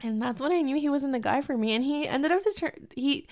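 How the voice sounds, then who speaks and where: A woman's voice: high voice, animated, a little fast, a little mellow. A woman in her thirties telling a casual story, full of filler words and acted-out quotes, with a few Spanish phrases dropped in. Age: 30s.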